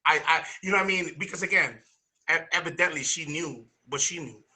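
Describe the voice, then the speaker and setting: An energetic, earnest man sharing a personal testimony as a guest, sometimes repeating words as he gathers himself. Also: fairly high pitch, fairly quick.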